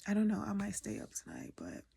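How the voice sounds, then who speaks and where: A woman's voice: medium pitch, wildly swooping pitch, fast, gravelly, dark tone, husky, no room sound. A woman educator and artist venting in a raw, candid vlog, often dropping to a half-whisper and swearing freely.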